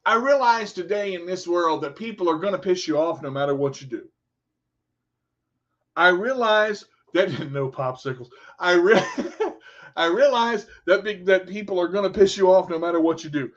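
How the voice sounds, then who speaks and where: A man's voice: high-pitched, normal speed, highs cut off. A man hosting a radio show, giving an earnest, rambling motivational monologue with repeated words.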